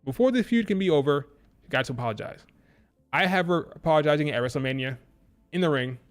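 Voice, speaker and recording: Male stream host, fairly high voice, animated and opinionated, hammers each point home by repeating it. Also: fast, clean tone. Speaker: wrestling show reviewer. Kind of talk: live-stream commentary.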